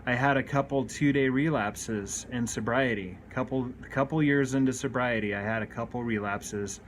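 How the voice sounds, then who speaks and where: A man's voice: medium pitch, normal speed, slight background noise. Candid man telling his recovery story. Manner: candid and earnest, with frequent restarts. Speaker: recovery speaker. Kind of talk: personal confessional story.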